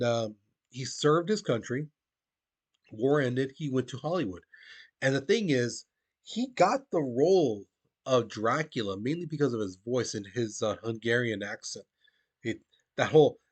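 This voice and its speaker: A male history teacher giving a casual, conversational classroom lecture, talking to his students as "guys". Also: on the high side. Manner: conversational, addresses listeners as "guys", frequent restarts.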